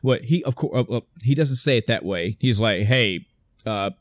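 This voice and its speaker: A man's voice: mid-range voice, brisk, no echo. A man in casual chat on a podcast, rambling through stories with lots of restarts and asides. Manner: rambling, animated storytelling with many restarts.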